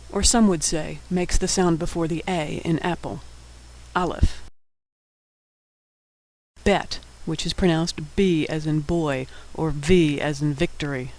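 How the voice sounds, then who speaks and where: High-voiced man teaching letter sounds. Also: low-quality recording. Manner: patient, clear, spells out each sound. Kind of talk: scripted instructional narration.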